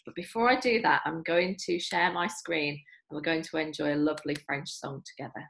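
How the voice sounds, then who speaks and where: A woman's voice: sits low, steady tone, fairly quick, vocal fry, fairly bright tone. A woman teaching French to children on a video call, reading a storybook with gasps and questions.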